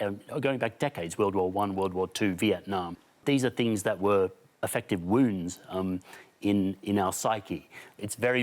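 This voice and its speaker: Earnest man with a low voice. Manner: earnest, reflective, many ums and restarts. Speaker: studio guest. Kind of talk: studio panel discussion. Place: television studio.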